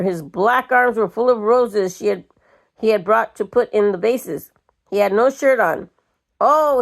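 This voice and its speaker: An older woman reading a short story aloud in a slow, measured way. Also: medium pitch, vocal fry. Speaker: reader.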